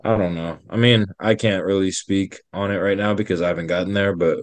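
A man's voice: deep voice, steady tone, brisk, no room sound. A young man co-hosting a podcast in casual chat, talking in an easygoing, rambling way. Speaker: podcast co-host.

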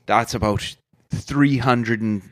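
A man's voice: medium pitch, slow, natural voice. An actor playing a crude, boastful Irish man with an Irish accent who rambles and exaggerates. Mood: chatty. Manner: rambling, swears casually, exaggerates. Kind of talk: improvised comedy character.

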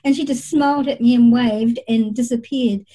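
A woman's voice: fairly high pitch, fairly even intonation, moderate pace, dark tone, poor audio. A middle-aged woman working as a psychic medium, telling her experiences at length in a reflective interview. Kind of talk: conversational interview storytelling.

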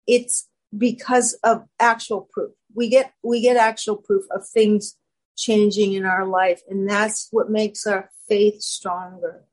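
A woman guest telling her personal story in casual talk, animated and acting out quoted voices. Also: medium pitch, takes it slowly, poor audio.

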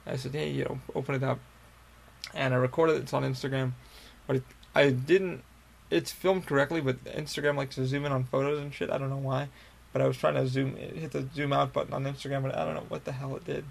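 A young man recounts a personal story on his podcast in a loose, meandering monologue. His voice is heavily gravelly and stays flat in pitch, sitting at an ordinary male height. He swears freely and circles back on himself with fillers and restarts. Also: fairly quick. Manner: rambling, profane, full of fillers and restarts. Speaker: podcast host.

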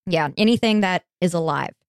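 A woman hosts a podcast and tells a history story in a loose, chatty way, swearing now and then. Her voice sits low and sounds smooth and clear. The sound is dry and close. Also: brisk, no echo. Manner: chatty, informal, swears casually. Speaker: podcast host. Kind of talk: casual storytelling.

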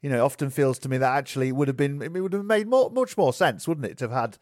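A man's voice: medium pitch, expressive, quick pace, no echo, studio quality. A male interviewer who chats freely and asks leading questions in a conversational interview.

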